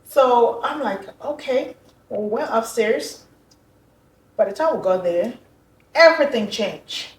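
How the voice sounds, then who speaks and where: A woman tells her own story as an interview guest, animated and slipping into the voices of the people she quotes. Her voice sits fairly high. She sounds distant from the mic, in a room that echoes. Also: takes it slowly, pauses often. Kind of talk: emotional personal storytelling.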